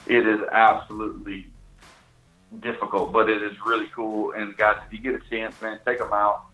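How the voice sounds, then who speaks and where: A man's voice: fairly low pitch, level tone, moderate pace, bright, forceful tone, faint music behind. A man, casually telling a hunting story, full of restarts and "you know"s. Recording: tinny phone-like line.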